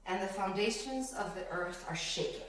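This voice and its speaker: A woman's voice: medium pitch, moderate pace, slight background noise. A woman leading a conversational Bible study, reading verses and laughing between them as she explains. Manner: animated, laughs between scripture lines. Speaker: Bible teacher. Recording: echoey room, distant mic.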